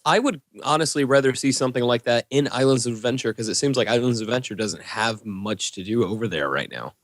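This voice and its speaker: A man co-hosting a podcast in casual chat, joking and pitching ideas as questions. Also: expressive, fast, dry recording, studio quality. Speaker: podcast co-host.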